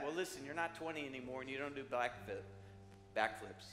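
A male pastor preaching a sermon, moving from loud urging to soft, prayerful appeals. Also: medium pitch, a little fast. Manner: shifts from loud exhorting to soft prayerful calls. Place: church sanctuary. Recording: echoey church hall with music behind.

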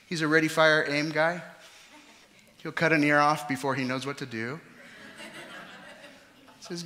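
Pastor guy preaching, bright forceful voice, big echoey church hall. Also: medium pitch, moderate pace, pauses often. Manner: animated, acts out the disciples' panicked voices. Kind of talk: sermon. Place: church sanctuary. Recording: church hall with long reverb.

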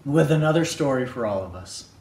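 A man teacher hosting a video series for children, introducing the next part with brisk, friendly words. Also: mid-range voice, expressive, darkish tone, slight background noise. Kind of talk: casual show hosting for children. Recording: roomy, from the mic.

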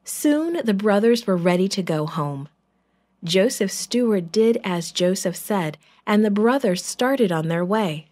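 Slow, expressive woman storyteller. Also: mid-range voice. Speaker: children's storyteller. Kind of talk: reading a Bible story to children. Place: church.

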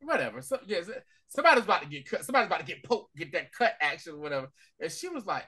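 Co-host with a lively, swooping voice; casual, playful recap. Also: medium pitch, racing, few pauses, slightly rough. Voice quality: animated, playful voicing of characters. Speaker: podcast co-host.

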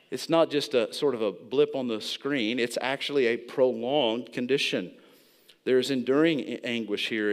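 A man preaching a sermon as pastor in a church, earnest and repeating key phrases for emphasis. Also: medium pitch. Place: church sanctuary.

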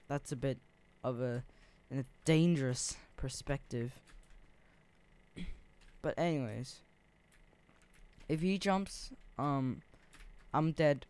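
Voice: medium pitch, a little mellow, clean tone. A gaming video creator giving gameplay commentary, rambling and thinking aloud with lots of fillers.

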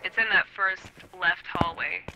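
A woman playing along as a guest co-player, chatty, excitable and quick to poke fun at herself. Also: on the low side, background noise. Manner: chatty, excitable, self-mocking. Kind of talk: casual gaming chat.

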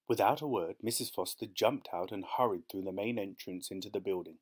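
Low-voiced male storyteller. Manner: measured, steady storytelling. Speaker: narrator. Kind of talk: reading a short story aloud.

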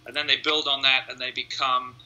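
This hypnotist, speaking as an interview guest, lays out his process step by step and plays out his clients' thoughts in a casual way. His mid-range voice is level and sharp, fairly quick, captured on a low-quality recording.

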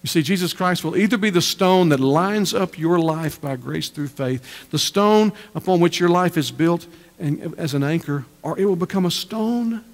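A man's voice: on the high side, normal speed, few pauses. A man preaching a sermon as pastor, emphatic and repeating his phrases for effect. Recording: church hall reverb.

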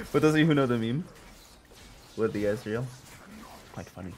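A man's voice: medium pitch, lively intonation, normal speed, a little mellow, slight background noise. A young man giving live commentary on his own gameplay, playful and jokey, talking to his chat. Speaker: gamer streaming his gameplay.

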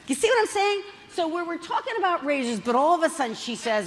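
Middle-aged lady author telling funny family stories on stage, kinda high voice, long hall echo. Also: a little fast, hardly any pauses. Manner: chatty, animated, acts out family dialogue. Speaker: author speaking at a book festival. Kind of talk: humorous storytelling talk. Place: large festival hall.

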